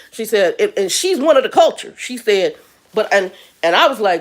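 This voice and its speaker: A woman's voice: fairly high pitch, sing-song, moderate pace. A blunt, exasperated woman in her fifties, ranting on a live stream as the channel's host. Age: 50s. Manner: blunt, exasperated, talks straight to viewers. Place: Arizona.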